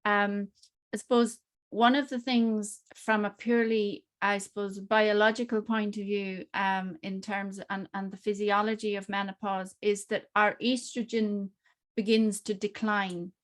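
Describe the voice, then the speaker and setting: A woman's voice: medium pitch, flat delivery, measured pace. A woman explains things as a panellist on a webinar. She often repeats a word when she restarts a sentence.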